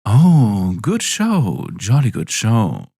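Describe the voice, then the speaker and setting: A chipper, vapid old woman general with a bright sing-song lilt, as a man puts her on. The voice climbs high and bounces all over, with a gravelly edge underneath. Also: wildly swooping pitch, slow pace, full character voice. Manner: cheery, chipper.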